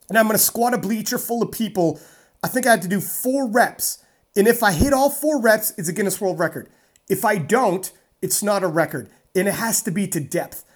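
A woman strongman athlete from North America, telling a story in a casual interview, animated and rambling with fillers. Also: medium pitch.

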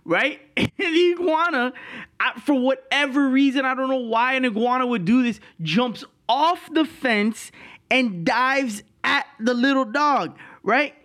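A man's voice: very high voice, a little slow, a bit bright. A man hosting a podcast, telling a story in a casual, profane way and laughing through it. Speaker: podcast host.

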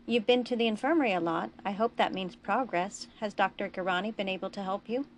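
A woman voicing a gentle, patient male friend who reassures and coaxes in a slightly raised voice. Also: medium pitch, fairly quick, a little hiss or hum, lightly acted. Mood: coaxing.

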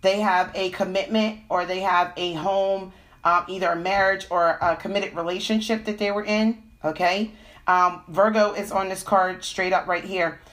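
A woman's voice: medium pitch, steady tone, normal speed, fairly bright tone. A woman with a cold giving a casual live-stream tarot reading, full of fillers and "okay?" check-ins. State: has a cold. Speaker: tarot reader.

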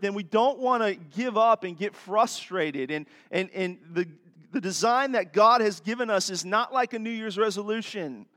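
Male pastor, folksy and chatty, high voice, long church reverb. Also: a bit bright. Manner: folksy, chatty, audience asides. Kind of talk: sermon with jokes. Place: church sanctuary.

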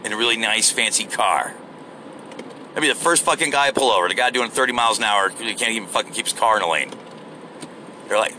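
A man's voice: fairly low pitch, fast talker, pauses often, pushed and bright, a little hiss or hum. A man ranting casually while driving, rambling and profane, rude and crude by his own account. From United States. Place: in a car on the road.

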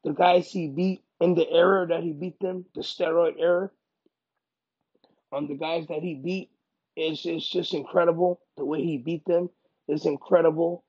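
A male fighter speaks in a casual interview, hammering his points home by repeating them. His voice is gravelly and husky, and the recording sounds dull and lo-fi. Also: fairly high pitch, normal speed, dry recording. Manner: emphatic, repeats himself, bursts into loud excited quoting. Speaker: UFC fighter being interviewed.

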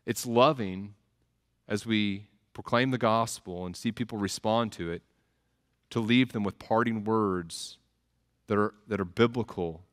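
A man's voice: on the low side, a little slow. Earnest man preaching a sermon. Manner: earnest, repeats words at starts of phrases. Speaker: pastor.

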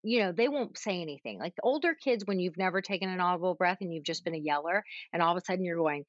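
A woman parenting coach giving advice in casual conversation, animated, demonstrating calming breaths with audible sighs. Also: lowish voice, quick pace, hardly any pauses, no room sound, dull audio.

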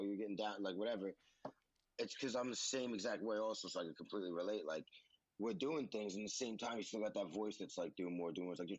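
A man's voice: on the low side, husky, dry recording. A man co-hosting a podcast, talking casually in an encouraging, profane way with lots of fillers. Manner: encouraging, profane, heavy on "like" and "you know". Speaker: podcast co-host. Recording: dull, dry, slightly muffled.

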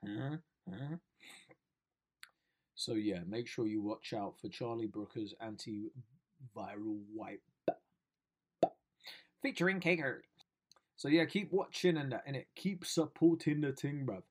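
Excitable man, slangy and swearing. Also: mid-range voice, unhurried, long pauses. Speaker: comedian vlogger. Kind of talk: casual lockdown video diary.

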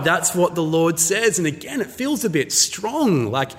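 A man delivers a sermon in a relaxed, conversational way, telling stories and acting out little exchanges as he goes. His voice sits a little higher than most men's. Long reverb trails his words around a large hall. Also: a little slow. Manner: conversational, storytelling, acts out voices in anecdotes. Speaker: pastor.

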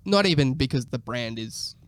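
Laughing, animated male musician. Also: medium pitch, moderate pace. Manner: laughing, animated storyteller, swears freely. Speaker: musician guest. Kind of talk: casual podcast chat.

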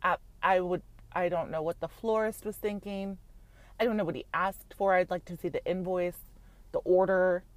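A woman's voice: on the low side, steady tone, normal speed, no echo. Chatty gossiping woman, dry close sound. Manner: chatty, frank, heavy use of "like", swears freely. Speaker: reality TV recapper. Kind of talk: casual gossipy commentary.

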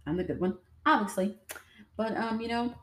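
A woman's voice: medium pitch, moderate pace. A woman host telling personal stories in a casual, chatty way, speaking straight to her listeners. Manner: chatty, addresses listeners directly. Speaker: podcast host. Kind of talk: casual storytelling. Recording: roomy echo.

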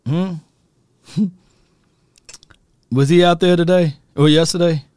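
A man with a slightly high, clear, smooth voice talks sports casually to his viewers, joking and laughing as he goes. He sounds close to the mic and dry. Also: takes it slowly, dry recording. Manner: animated, joking, laughs often, addresses viewers as y'all. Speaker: sports talk host.

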